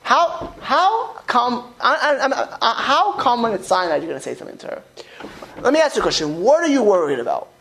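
A man's voice: very high-pitched, sing-song, fairly quick, a bit bright, a little hiss or hum, low-quality recording. A man teaching a religious class as a rabbi, talking informally, repeating words and acting out quoted speech as he questions his listeners.

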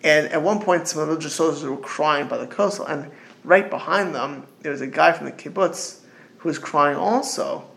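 A man's voice: on the high side, normal speed, gravelly, fairly bright tone. A middle-aged man giving an informal religious talk as a rabbi, rambling and digressive with frequent restarts and storytelling asides.

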